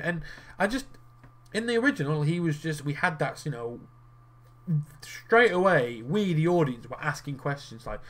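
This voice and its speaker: Young guy gaming and ranting, sweary, kinda high voice that bounces all over. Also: normal speed. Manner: rambling, sweary and excitable. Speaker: gaming video creator. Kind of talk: casual commentary while playing a card game.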